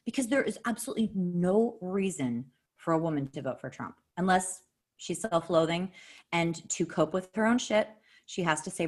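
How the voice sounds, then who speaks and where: A woman's voice: lowish voice, expressive, normal speed. A woman co-hosting a podcast in casual chat, blunt and swearing freely. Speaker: podcast co-host. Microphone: remote call mic.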